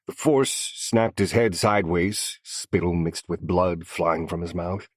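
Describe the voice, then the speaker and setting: A man's voice: deep voice, a little slow, no room sound, clean studio sound. A man narrating a first-person crime story in scripted audiobook style, with a menacing, growling delivery.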